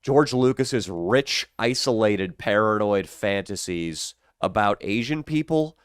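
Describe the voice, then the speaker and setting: A man co-hosting a podcast in casual banter, quick and joking, laughing often, with a lively, expressive pitch. His voice sounds dry and close, with little room around it. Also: clear, resonant tone, dry recording. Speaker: podcast co-host.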